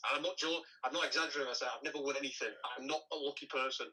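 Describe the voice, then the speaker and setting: A man from Cumbria with a northern English accent, talking quickly on a phone call as a giveaway winner. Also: medium pitch, fairly even intonation, sharp tone, distant mic. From Cumbria, northern England. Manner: quick, delighted, humble. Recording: faint call on speakerphone.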